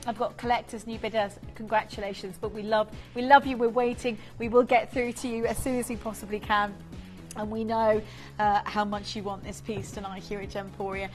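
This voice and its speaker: A woman presenting a live jewellery auction on a shopping channel, gushing over the stones in rapid sales patter and reeling off bidders' names. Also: mid-range voice, little pitch movement, soft background music. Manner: reels off bidder names and congratulations.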